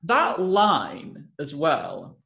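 Young male co-host, casual banter, a touch high-pitched. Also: very slow, creaky, highs cut off. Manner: lively, jokey storytelling with playful put-on voices. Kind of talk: casual chat.

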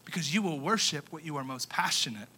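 A young man preaching with a bright, forceful voice that sits a little high for a man. He moves between hushed scripture reading and loud, excited storytelling, casual in tone. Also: quick pace, a little hiss or hum. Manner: energetic storytelling, swings from quiet to shouting. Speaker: youth pastor. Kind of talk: sermon.

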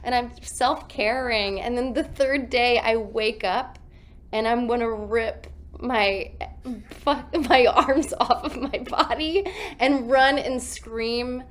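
A fairly high-voiced woman chats from a hotel room over a video call. She tells her stories with lots of laughter and acts out her own lines, sounding like she is still getting over covid. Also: slow pace. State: recovering from covid. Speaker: actress guest. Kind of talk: casual interview chat.

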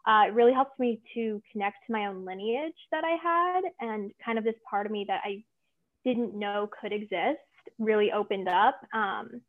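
A woman's voice: medium pitch, normal speed. A young woman, a tarot reader and witch, talking earnestly as a guest in a casual interview, with many fillers. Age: young adult. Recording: tinny phone-like remote line.

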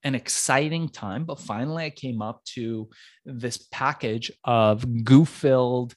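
Man from iran, middle-aged, guest on an interview, lively storyteller, voice in the middle range, dry close sound. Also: mid-range voice, a little slow, dry recording. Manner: animated storyteller who acts out the people in his stories. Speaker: podcast guest, entrepreneur.

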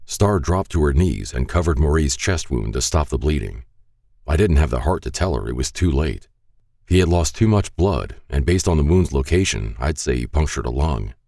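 Man narrating a story, very deep voice, lively pitch, earnest and reflective, dry close sound. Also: normal speed, creaky, no echo. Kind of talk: first-person story narration.

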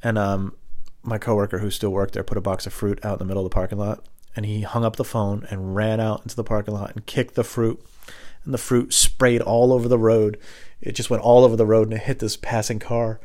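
A man telling rambling comic stories in a deadpan way, jumping into high squeaky voices when he quotes other people. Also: fairly quick. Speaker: comedian. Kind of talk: rambling storytelling monologue.

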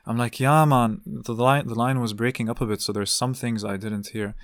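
Young man, casual vlog rant, frustrated and profane, rambling; smooth voice, dry close recording. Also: medium pitch, fairly even intonation, normal speed, no room sound. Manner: frustrated, swearing, rambling with restarts. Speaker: vlogger recounting a family call. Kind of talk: casual ranting monologue.

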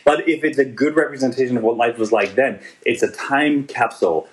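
A man's voice: medium pitch, a little fast, a little hiss or hum, poor audio. A man in his forties co-hosting a podcast, chatting casually and joking as he rambles through a TV episode with lots of restarts. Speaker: podcast co-host. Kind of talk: casual chat reviewing a TV episode.

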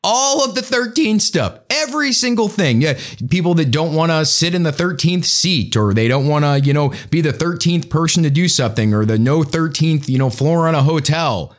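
A man's voice: on the high side, normal speed. A man hosting a casual opinion show, talking in a blunt, preachy and sarcastic way. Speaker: show host.

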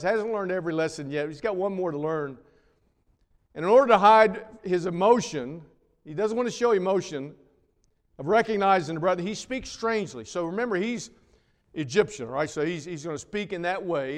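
A man preaching a sermon, swinging between loud emphatic lines and hushed, drawn-out words. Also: fairly high pitch. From North Carolina. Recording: long reverb of a large hall.

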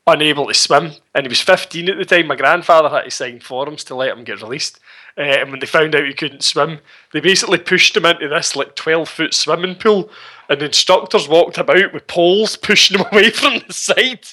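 Sweary bright-voiced man. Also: a little high, a little fast. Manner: sweary, rambling, chuckling. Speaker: podcast co-host. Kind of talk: casual film recap chat.

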